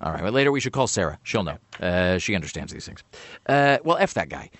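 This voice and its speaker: A man's voice: low voice, big pitch swings, quick pace, a bit bright, no room sound. A man hosting a talk radio show, rambling and sardonic, dismissive about the topic. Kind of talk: casual talk radio banter.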